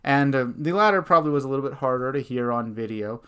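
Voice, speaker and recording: A young man as host and dungeon master, giving an animated lesson on character voices and demonstrating them. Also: fast, clean tone. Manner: animated, shifts pitch and loudness to demonstrate voices. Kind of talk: instructional talk with voice demonstrations.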